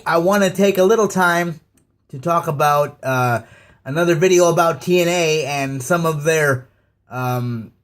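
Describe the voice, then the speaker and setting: Slow, halting man ranting. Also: fairly high pitch. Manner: slow, halting, with many fillers and stammers. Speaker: YouTube ranter. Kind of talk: casual rant to camera.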